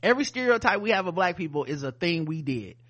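A man's voice: high voice, big pitch swings, fast, fairly bright tone. A man co-hosting a casual podcast chat. He laughs often and reads listener comments aloud. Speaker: podcast co-host.

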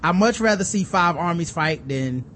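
Man with a high voice, casual chat, animated, profane, ranting. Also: normal speed, a little hiss or hum. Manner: animated, profane, mimics characters in rants. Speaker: podcast co-host.

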